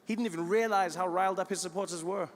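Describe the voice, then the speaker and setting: A man doing an animated stand-up comedy routine, acting out characters. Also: high voice, fast talker. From South Africa. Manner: animated storytelling, acts out characters. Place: live comedy venue. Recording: reverberant live venue with noise.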